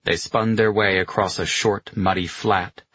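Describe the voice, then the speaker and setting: A man narrating a novel in a steady, measured way. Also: lowish voice, lo-fi sound, a little hiss or hum. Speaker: audiobook narrator. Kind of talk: scripted narration of a war novel.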